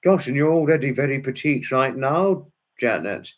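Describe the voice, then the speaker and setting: A man's voice: mid-range voice, animated, moderate pace, few pauses. A man chatting live to viewers, answering comments in a rambling, fussy way with many restarts and exclamations. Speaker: live streamer. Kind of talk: casual chat answering viewers.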